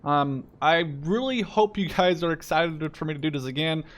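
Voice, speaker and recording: Excitable young man commenting on gameplay. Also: on the high side, moderate pace. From Canada. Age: 20s. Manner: excitable, profane, rambling. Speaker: gaming video host.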